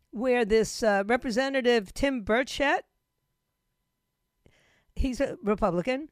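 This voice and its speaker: A woman hosting a talk radio show with a scratchy throat, retelling news in an animated way with laughing asides. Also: a little high, smooth, dry recording, clean studio sound.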